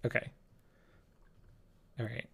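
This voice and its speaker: A man's voice: slow, bright, forceful tone, slight background noise. A male streamer chatting casually while gaming, apologetic and flustered, laughing often and answering chat.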